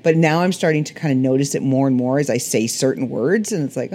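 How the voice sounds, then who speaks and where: Chatty Canadian woman, slightly hoarse. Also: a bass voice, fast talker, warm tone. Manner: rambling, chatty, self-correcting. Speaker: podcast host. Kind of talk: casual solo chat.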